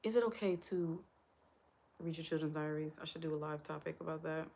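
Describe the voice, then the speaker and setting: A woman's voice: low-pitched, fairly quick, gravelly, noisy background. A woman hosting a casual livestream, chatting to her viewers in an emotional, talkative way and close to tears. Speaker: livestream host.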